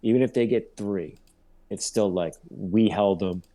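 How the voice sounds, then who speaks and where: A man's voice: fairly low pitch, a little slow, warm tone. Profane rambling football podcast guy. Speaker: podcast co-host. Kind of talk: casual sports chat.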